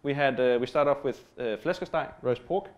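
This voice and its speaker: A man's voice: mid-range voice, moderate pace, muffled recording. A man from Australia telling a humorous personal story in a talk, rambling with fillers, self-deprecating asides and casual swearing. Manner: rambling with many fillers and restarts. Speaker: speaker giving a stage talk.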